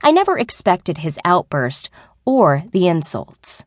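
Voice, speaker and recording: Low-voiced woman audiobook narrator. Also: sing-song, unhurried, dry recording, studio quality. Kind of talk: scripted first-person narration.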